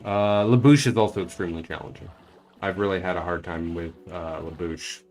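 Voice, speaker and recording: A man's voice: low-pitched, a little fast, darkish tone. A man streaming a game and chatting casually, thinking aloud as he plays. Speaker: streamer and voice actor.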